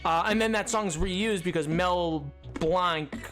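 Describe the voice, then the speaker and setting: A man's voice: sits high, takes it slowly, fairly bright tone, faint music behind. Playful male streamer, loose rambling banter with chat. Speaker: game streamer. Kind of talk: casual livestream chat.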